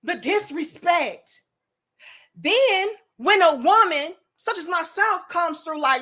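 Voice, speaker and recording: Blunt, profane woman ranting bright and high. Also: animated, slow. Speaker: commentary host. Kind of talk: ranting video commentary.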